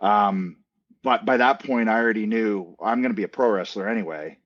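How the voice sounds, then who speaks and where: A middle-aged man from Canada, a podcast guest telling stories in a casual, animated way with jokey asides and plenty of fillers. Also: fairly low pitch, a little fast, lo-fi sound. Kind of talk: casual storytelling interview.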